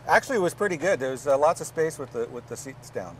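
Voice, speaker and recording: A man's voice: a little high, expressive, fast talker, a little hiss or hum. A man with a Canadian accent co-hosting a car review, explaining practical features with dry quips. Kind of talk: casual banter reviewing a vehicle.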